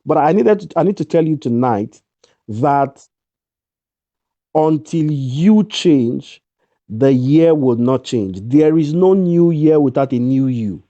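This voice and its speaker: A man's voice: a little high, animated, takes it slowly, dark tone, no echo, lo-fi sound. A man giving an emphatic motivational talk, repeating his key lines over a video call. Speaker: guest speaker.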